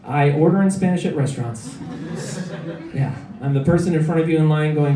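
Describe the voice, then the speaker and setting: A man's voice: fairly high pitch, brisk, reverberant, crowd noise. A man in his thirties from Illinois doing a rambling, self-deprecating stand-up set full of filler words, recorded from far off in a comedy club. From Illinois, USA. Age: 30s.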